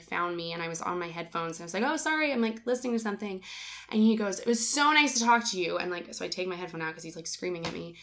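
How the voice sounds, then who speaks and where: A woman co-hosting a relaxed podcast conversation. She tells her stories in a lively, rambling way, full of "like" and acted-out quotes. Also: on the low side. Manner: animated storyteller, lots of "like". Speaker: podcast co-host. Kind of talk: casual chat, storytelling.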